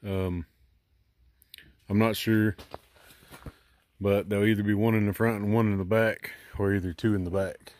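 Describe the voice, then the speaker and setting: A middle-aged man with a somewhat low voice walks through a do-it-yourself job outdoors beside his boat. He talks casually and rambles, thinking aloud with plenty of ums, uhs and restarts as he explains his plan. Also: level tone, moderate pace, pauses often, a little mellow. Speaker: DIY channel host.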